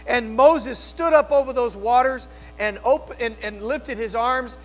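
Male pastor, sermon delivery, slow and dramatic, hushed to loud, reverberant hall with soft music. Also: extremely high pitch. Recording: long hall reverb, faint music and mains hum.

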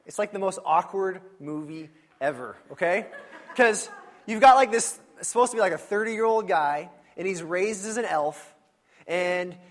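A man preaching a sermon in a church, in a conversational and animated storytelling manner with frequent asides. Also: fairly high pitch. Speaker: pastor.

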